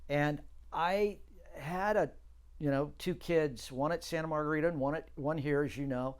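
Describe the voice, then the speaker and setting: A man's voice: on the high side, moderate pace, clear, resonant tone. A middle-aged man who hosts a talk show and chats casually in an earnest, emphatic way. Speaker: show host. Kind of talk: casual chat.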